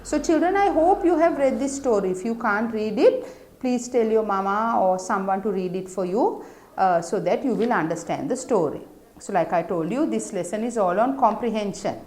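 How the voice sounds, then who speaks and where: A woman's voice: mid-range voice, expressive, normal speed, darkish tone, a little hiss or hum. A woman teaching an English lesson to young children, explaining patiently and checking understanding with tag questions. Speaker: primary school teacher.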